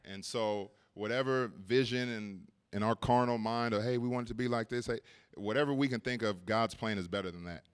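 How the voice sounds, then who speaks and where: A man's voice: on the low side, brisk, smooth. A man preaching at a church service, telling a personal story in a casual way, laughing often and repeating words as he goes.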